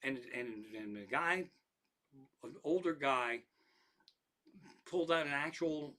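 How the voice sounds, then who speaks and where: Brief: male comic spinning swear-heavy, rambling home stories in a bright, slightly high voice. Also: takes it slowly. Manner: profane, rambling, lots of restarts, animated. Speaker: comedian. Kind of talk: stand-up style storytelling monologue.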